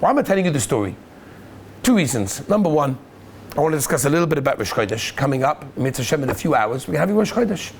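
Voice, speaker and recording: A man, a rabbi in a yeshiva, telling a story in an animated way and mixing Hebrew and Yiddish words into his talk. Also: on the high side, fast talker, vocal fry, slight background noise. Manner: animated storyteller, acts out the voices in his tale. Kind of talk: casual Torah talk with a story.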